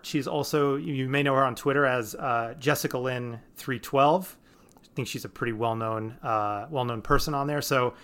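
A man's voice: medium pitch, fairly bright tone. A man hosting a casual podcast, talking in a rambling way with many restarts and fillers. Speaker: podcast host.

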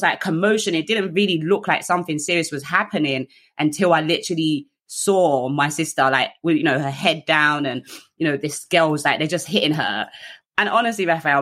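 A woman's voice: low voice, slightly rough. A young woman, a podcast guest telling a personal story candidly, full of fillers and self-mocking laughs. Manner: chatty, frequent fillers, animated quoting, laughs at herself.

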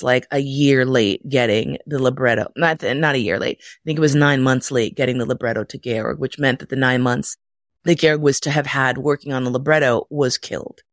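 A middle-aged woman casually telling a personal story, animated and profane, jumping into high voices when quoting. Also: no echo, studio quality.

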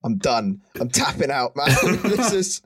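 A man's voice: mid-range voice, very animated, unhurried, over a noisy crowd. A man co-hosting a casual pub podcast, joking and swearing freely. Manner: sweary, jokey. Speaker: podcast co-host. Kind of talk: casual banter.

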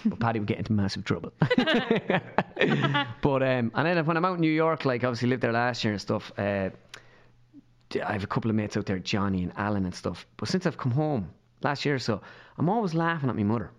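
A young Irish man, a podcast guest, telling a funny story in a loose, animated way and putting on voices of the people in it. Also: mid-range voice, fast, dull audio. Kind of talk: casual storytelling chat.

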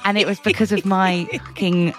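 A woman's voice: medium pitch, little pitch movement, moderate pace, music in the background. A woman co-hosting a podcast, telling frank, self-mocking stories in casual chat. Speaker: podcast co-host.

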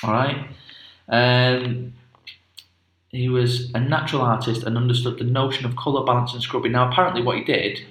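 A man's voice: medium pitch, steady tone, normal speed, fairly bright tone. Rambling man, echoey room. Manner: rambling, jokey, many fillers. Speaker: podcast co-host. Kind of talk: casual chat.

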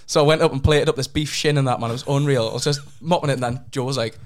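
A young man, telling a rambling story on a casual podcast, his voice jumping up in pitch when he gets excited. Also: very fast. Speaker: podcast co-host. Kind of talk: casual chat.

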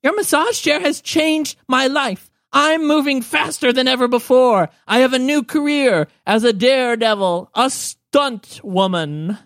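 A man puts on a chirpy old gnome woman who runs a shop. The voice is high and squeaky and bubbles with excitement, heard in a dry room as part of a tabletop game. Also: unhurried, hardly any pauses, no echo, exaggerated voice. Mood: excited. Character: spry old gnome woman shopkeeper, cheery.

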